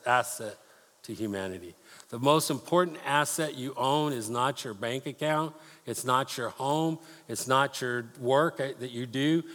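Pastor preaching in a reverberant hall. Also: male voice, medium pitch, a bit bright. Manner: reads scripture aloud, then explains it with rhetorical questions; casual asides and playful impressions. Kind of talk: sermon.

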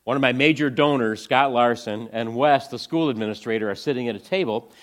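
A man giving an inspirational talk to a church audience, storytelling earnestly and swinging from hushed lines to excited ones. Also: mid-range voice, fairly quick. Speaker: ministry speaker presenting to a church audience.

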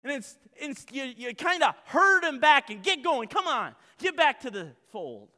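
A male pastor delivering a sermon, casual and jokey one moment and earnest the next. His voice sits high for a man and sounds very bright and forceful. A long hall reverb trails after every phrase. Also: unhurried. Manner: animated, conversational and jokey preaching.

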